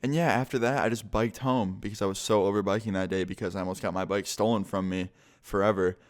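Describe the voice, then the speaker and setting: A young man with a fairly low voice tells a casual storytime vlog. He talks loosely and swears freely, and he acts out the lines of the people in his story. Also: fairly even intonation, fast talker. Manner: casual and profane, with acted quotes. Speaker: vlogger.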